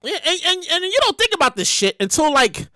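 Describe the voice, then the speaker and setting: A high, bright woman's voice that swings wildly up and down as she rattles off a story. She talks fast, laughs often and swears freely, and the sound is close and dry. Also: big pitch swings, dry recording. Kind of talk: casual storytelling monologue.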